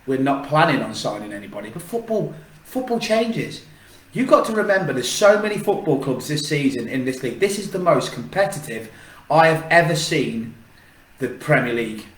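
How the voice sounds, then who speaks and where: A man's voice: a little high, recorded from a distance. A man giving his opinions on a fan channel, emphatic and repetitive, often restarting his sentences. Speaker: football fan channel host. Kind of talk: casual opinion vlog. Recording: echoey room, set back from the mic.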